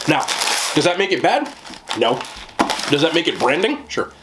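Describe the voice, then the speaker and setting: A man's voice: on the high side, big pitch swings, moderate pace, very noisy. A man with a New Jersey accent doing a casual food review, blunt, profane and joking.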